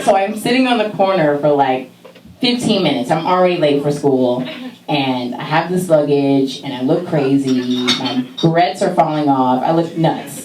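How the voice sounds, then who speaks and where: A woman telling a funny story on stage, laughing and acting out voices with big jumps in pitch. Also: lively intonation, moderate pace, reverberant, far from the mic, noisy background. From California. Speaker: stand-up comic telling a story. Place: stage in a small venue.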